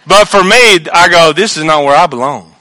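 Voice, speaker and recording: Preaching with great animation, this pastor acts out the voices he quotes and swings between loud outbursts and quiet asides. His voice is pitched fairly high.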